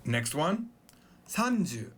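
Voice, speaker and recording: Male language teacher, casual and playful, lively swings in pitch. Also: slow pace, slightly rough. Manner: playful, joking, chatty. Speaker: Japanese teacher. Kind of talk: casual video lesson.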